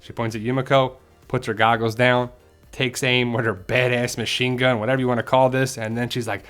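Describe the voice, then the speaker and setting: A man at a mid pitch chats through a casual episode recap and theory breakdown. He talks loosely and animatedly, and he drops into the characters' lines as he goes. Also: brisk, smooth, faint music behind. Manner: chatty, animated, acts out quotes. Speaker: TV show commentator.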